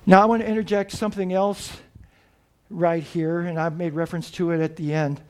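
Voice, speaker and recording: A man preaching a sermon, earnest and reflective, pausing and restarting as he explains. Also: sits high, level tone, clean tone.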